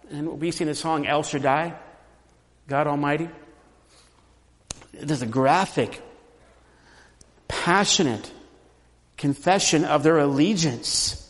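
A man preaching a sermon, teaching through a scripture passage and building to emphatic, loud repetitions. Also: on the high side, long reverb tail. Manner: emphatic preaching, rising loud on repeated phrases. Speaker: pastor.

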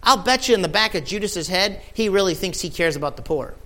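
High-voiced, impassioned preacher. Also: male voice, animated, fast. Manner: impassioned, swinging from quiet asides to shouted emphasis. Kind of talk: sermon.

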